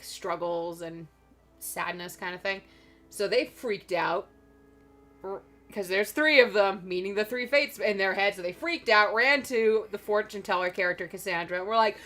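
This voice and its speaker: A woman's voice: mid-range voice, fairly bright tone. A woman streamer chatting casually over a game, rambling and laughing often. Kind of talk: casual chat.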